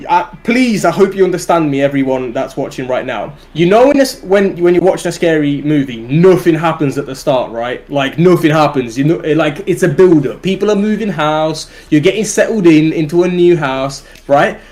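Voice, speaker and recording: A man with a British accent telling a story on a livestream, animated and swearing, often laughing as he goes. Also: a little high, moderate pace, few pauses. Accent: British English. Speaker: live streamer.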